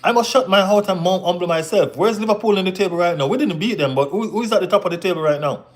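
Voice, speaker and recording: A man's voice: high-pitched, fast talker. A man hosting a football live stream, reading chat and answering viewers in a casual, bantering way with frequent "you know what I mean".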